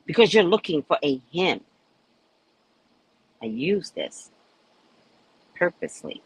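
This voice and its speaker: A woman's voice: low voice, slow pace, breathy edge, dry recording, rough recording. A woman reading a spiritual book aloud and breaking off into candid, laughing commentary. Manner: animated, laughing, candid asides. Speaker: spiritual reader and speaker.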